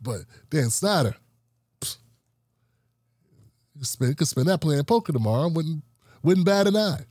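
A man's voice: fairly high pitch, normal speed, pauses often, breathy edge, dry recording, clean studio sound. A man in his forties from the Washington, D.C. area, hosting a podcast and telling stories casually, acting out the people he quotes. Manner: animated, acts out quoted coworkers. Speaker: podcast host. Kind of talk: casual storytelling chat.

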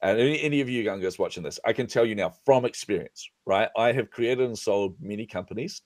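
Fast-talking and fairly low-pitched, this middle-aged man is a business coach guesting on a podcast. In the casual interview chat he tells animated stories, performing the quoted lines himself, and the recording is dry.

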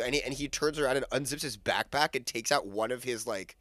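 A man narrating an improvised scene in a quick, offhand way. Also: medium pitch, fairly bright tone, no room sound.

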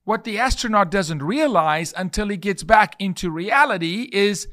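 A man's voice: high voice, lively intonation, moderate pace, few pauses, fairly bright tone, dry recording, clean studio sound. A man hosting a podcast, delivering an emphatic, preachy monologue full of repeated phrases and illustrative stories. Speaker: podcast host.

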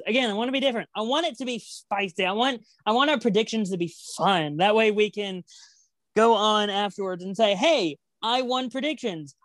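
A medium-pitched woman, recorded dry, co-hosts a casual podcast and rambles through her match predictions. She's chatty and playfully competitive throughout this easygoing chat.

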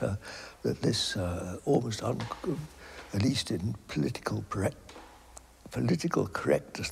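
An older man with a fairly low, creaky, slightly rough voice gives reflective interview answers. He is halting and hesitant, restarting often, and frequently sinks into a soft, almost whispered delivery.

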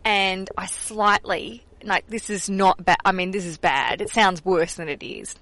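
A woman's voice: medium pitch, a little slow, fairly bright tone, no room sound. A young Australian woman hosting a podcast, chatting casually and laughing easily, recorded in a car. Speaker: podcast host. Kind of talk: casual chat.

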